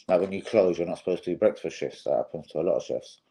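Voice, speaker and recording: A man's voice: deep voice, fast, creaky, warm tone, breathy edge, poor audio. A young man hosting a casual live stream, swearing freely and calling his viewers "bros".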